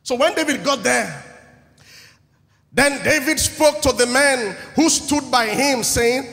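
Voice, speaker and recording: A man's voice: extremely high pitch, takes it slowly, vocal fry, fairly bright tone. A man preaching a sermon, who acts out the crowd and keeps putting questions to the congregation. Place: church hall. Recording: echoey hall with long reverb.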